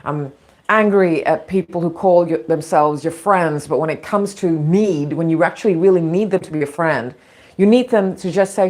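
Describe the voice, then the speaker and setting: A woman hosts a casual podcast talk show, frank and opinionated, digressing freely and laughing often. Her voice is on the low side, a little mellow, at a normal pace, and an irritated throat brings occasional coughs.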